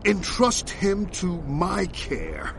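A reproachful eldest brother in a radio drama. His voice is a little high for a man, and he speaks earnestly and pleads, over faint ambient sound. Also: wildly swooping pitch, extremely slow, creaky, background noise, exaggerated voice. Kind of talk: audio drama acting.

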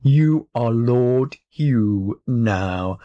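A sly male cat from a storybook, smug and teasing, as a man reads him aloud. He drawls his words at a very slow, relishing pace. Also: medium pitch, animated, mellow, highs cut off.

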